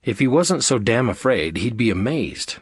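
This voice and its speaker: A man narrating a science fiction audiobook in a steady, even storytelling manner. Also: medium pitch, moderate pace, breathy edge, no echo, clean studio sound. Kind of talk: scripted narration.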